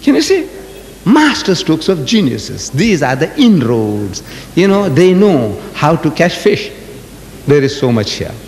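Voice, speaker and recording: An older man giving an animated religious lecture, telling stories and asking the audience rhetorical questions. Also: unhurried. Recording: echoey hall with faint rumble.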